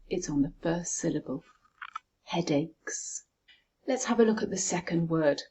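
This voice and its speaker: Woman, pronunciation coach, very slow deliberate delivery, breathy, slightly low voice. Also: a little mellow. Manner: slow, deliberate, spells out sounds one by one.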